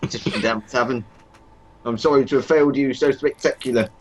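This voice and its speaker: A man's voice: medium pitch, fast talker, a little hiss or hum, natural voice, rough recording. Man doing a stammering servant. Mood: tipsy. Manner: stammering, deferential, tipsy. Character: bumbling dim-witted male servant.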